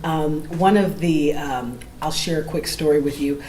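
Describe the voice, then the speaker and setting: A middle-aged woman from Oakland, a jazz vocalist and educator, tells stories to a live audience. She is animated and lets her pitch leap as she acts out the people she quotes. The sound is roomy, with faint ambience from the gallery behind her. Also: unhurried, a little hiss or hum. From Oakland, California. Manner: animated, acts out quoted voices, laughs easily. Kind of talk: storytelling between songs at a live gallery show. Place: gallery event space.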